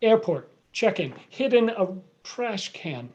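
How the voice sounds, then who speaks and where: Figure: a woman playing a lovesick young American man. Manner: earnest, dramatic. Pitch: lively, swinging. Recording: video call. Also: slow pace, lo-fi sound. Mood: flustered.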